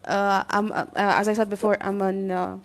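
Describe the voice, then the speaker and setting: A woman guest on a live chat, telling a story in a lively way, acting out the quotes and laughing often. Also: mid-range voice, moderate pace. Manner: animated, acts out quoted dialogue, laughs often.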